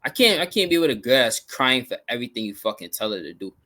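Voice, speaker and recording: A man's voice: mid-range voice, fast. Blunt, profane man ranting in reaction. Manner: blunt, profane, animated rants. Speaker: reaction video host. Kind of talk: casual reaction commentary.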